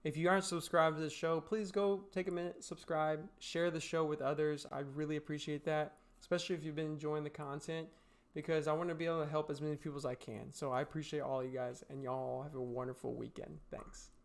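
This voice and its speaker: Speaking a little high with a level tone and vocal fry, this man talks fairly quickly as he games on a livestream. He answers viewer questions casually, swears, laughs and gives blunt advice about trading.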